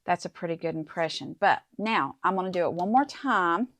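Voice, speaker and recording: A woman's voice: on the low side, lively intonation, fairly quick, fairly bright tone, no room sound. A middle-aged woman hosting a casual crafting tutorial at her desk, chatting to viewers as she works. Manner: chatty, talks to viewers while working, says "guys" and "okay?". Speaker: crafting channel host.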